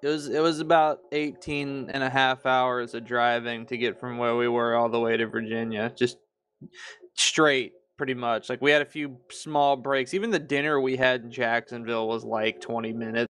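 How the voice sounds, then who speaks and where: Smooth-voiced man telling road-trip tales. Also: mid-range voice, moderate pace. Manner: animated, profane storyteller. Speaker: podcast co-host. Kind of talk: casual storytelling chat.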